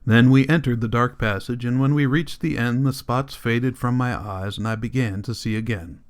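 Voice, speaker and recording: A man reads a novel aloud as an audiobook narrator. He keeps a steady, measured pace through the story. His voice sits at a typical male pitch. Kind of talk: scripted narration.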